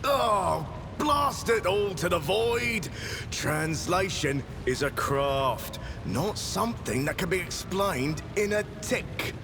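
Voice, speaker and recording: Old game helmsman, slow, lively pitch, put-on British accent, music under. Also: exaggerated voice. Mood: urgent. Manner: overdone put-on British accent, stressing each word. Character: pale white-haired old ship's helmsman, anxious and pious. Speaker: video game voice actor.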